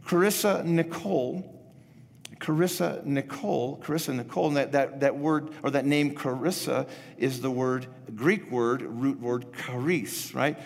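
Man in his 50s, pastor, casual rambling sermon, mid-pitched, echoey church hall. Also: steady tone, moderate pace, creaky. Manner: casual, rambling, with frequent restarts. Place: church sanctuary.

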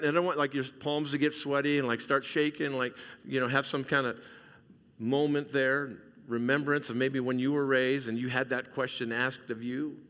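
A middle-aged male pastor from Southern California preaching a sermon, emphatic and repetitive, swinging between loud and hushed. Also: medium pitch. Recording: reverberant hall sound.

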